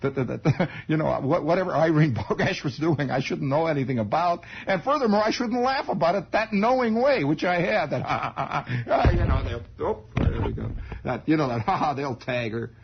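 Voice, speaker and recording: A man telling a childhood story in an animated, digressive radio monologue, chuckling as he goes, on a lo-fi 1960s radio broadcast. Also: a little high, brisk, vocal fry, husky.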